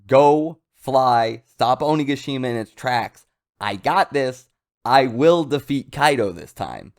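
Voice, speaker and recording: A man's voice: mid-range voice, lively intonation, slow pace, gravelly. A man voicing a bold young male pirate hero who hollers with confidence. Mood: determined.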